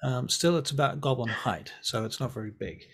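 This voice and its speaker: A man narrating as game master of a tabletop game, halting and searching for words as he describes scenes. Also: mid-range voice, gravelly, fairly bright tone, breathy edge.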